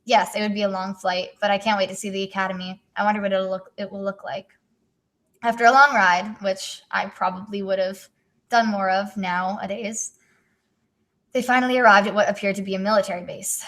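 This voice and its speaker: A woman's voice: medium pitch, fairly even intonation, fairly quick, a bit bright. Giggly teen girl reading aloud. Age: teens. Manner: giggly, adds joking asides while reading. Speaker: author and co-host. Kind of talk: reading her own story aloud in a casual chat.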